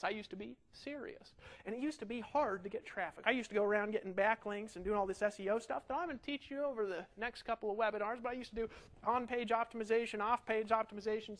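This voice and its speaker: A middle-aged man giving an energetic marketing webinar, animated and ranting, full of rhetorical questions. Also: high-pitched. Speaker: online marketing instructor.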